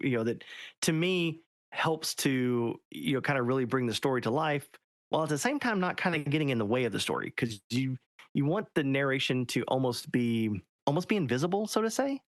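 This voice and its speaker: A man at a middle pitch talks in a loose, chatty way, restarting his sentences and laughing often. The recording is dry and close, with no room sound. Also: dry recording. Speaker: author. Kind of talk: casual interview talk.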